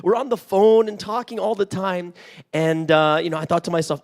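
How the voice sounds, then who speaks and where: A man in his forties giving a sermon in a church, telling a personal story with lively acted-out dialogue and frequent "right?". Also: high-pitched, normal speed. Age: 40s. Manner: animated storytelling, acts out dialogue, often asks "right?". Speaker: pastor.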